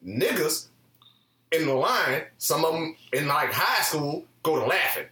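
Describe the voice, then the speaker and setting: Man, podcast co-host, profane storyteller, high lively voice, roomy echo. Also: unhurried, distant mic. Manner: profane, animated storyteller who acts out other people's lines. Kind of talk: casual chat, storytelling.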